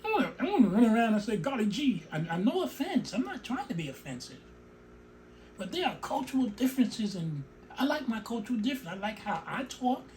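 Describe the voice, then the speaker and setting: A man's voice: high-pitched, darkish tone, a little hiss or hum. A middle-aged man hosting his own show, giving an emotional, opinionated commentary that breaks off into asides about his own speech. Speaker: show host.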